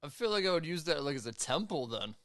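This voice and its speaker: Skeptical young man with a smooth voice. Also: on the high side, big pitch swings, fast talker, fairly bright tone, no room sound, clean studio sound. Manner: skeptical, questioning. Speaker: podcast co-host. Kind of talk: casual chat.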